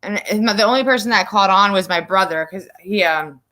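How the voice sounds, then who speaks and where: A woman's voice: mid-range voice, a little fast, sharp tone. A middle-aged woman from the northern US hosting a casual livestream chat, rambling with lots of fillers. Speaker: livestream host.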